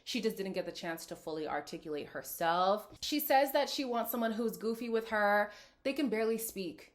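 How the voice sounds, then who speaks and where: A woman's voice: mid-range voice, animated, normal speed. Sassy woman recapping reality TV. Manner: sassy, laughing, talks straight to viewers. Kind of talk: casual reaction commentary.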